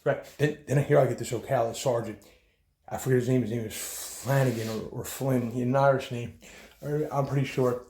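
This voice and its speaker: A man's voice: mid-range voice, steady tone, normal speed, a little mellow, echoey room. A man giving an agitated, profane, rambling account as a bereaved son, with many restarts. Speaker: bereaved son telling his story. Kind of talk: heated first-person account.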